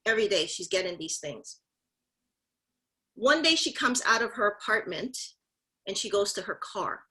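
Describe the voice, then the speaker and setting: A woman's voice: medium pitch, big pitch swings, normal speed, pushed and bright, poor audio. A woman giving a motivational talk to a mentorship group, emphatic and direct, often repeating phrases and calling out to her listeners. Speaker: mentorship session speaker.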